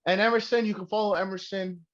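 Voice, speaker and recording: A man's voice: sits high, fairly even intonation, fairly quick, a bit bright. A young man hosting a podcast in casual chat, loose, profane and joking. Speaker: podcast host. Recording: dull lo-fi sound.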